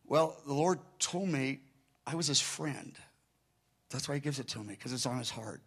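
A man putting on the voice of a tired, soft-spoken prophet in his sixties, speaking low and matter-of-fact. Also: normal speed, breathy edge. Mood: earnest. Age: 60s.

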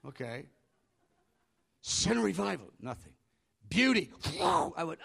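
A middle-aged man preaching, with a somewhat high voice. He tells a personal story in an animated way, acting out his own prayers and often dropping to a near-hush for them. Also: measured pace, gravelly, long pauses. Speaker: pastor. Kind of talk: sermon storytelling.

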